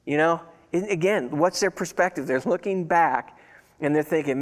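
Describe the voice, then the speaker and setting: A man with a slightly higher voice preaches in an easy, conversational way, leaning on rhetorical questions as he teaches. His voice rings out in a hall with a long, trailing reverb. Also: normal speed. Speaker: pastor. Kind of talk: sermon.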